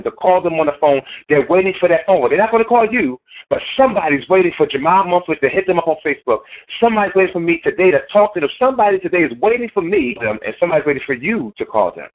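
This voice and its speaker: Guy preaching sales motivation over a phone line, repeats himself a lot, kinda high voice, thin tinny sound. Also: expressive, fast, few pauses. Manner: preachy, repetitive, emphatic. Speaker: network marketing trainer. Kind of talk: motivational training talk.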